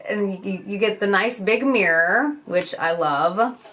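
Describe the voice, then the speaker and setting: A woman's voice: medium pitch, measured pace, a bit bright. A young woman chatting candidly as a beauty vlogger while she does her makeup, swearing casually as she goes.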